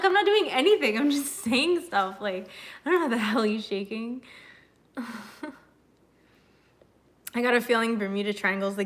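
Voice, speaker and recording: A young woman chats loosely with viewers in a casual live stream from her home. Her voice is on the high side with a sharp tone, and she laughs often and swears casually.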